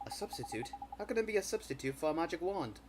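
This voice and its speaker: A man's voice: a little high, big pitch swings, fast, noisy background, voice pushed up. Man reading as an unsure young boy hero. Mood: doubtful. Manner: plain, hesitant reading. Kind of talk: voicing game dialogue on a livestream.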